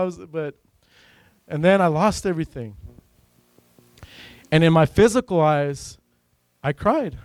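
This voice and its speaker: A man giving an earnest, emotional personal faith testimony, rambling and filling pauses with "you know.". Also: a little high, smooth, no echo. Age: adult with a son. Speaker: church member giving a testimony.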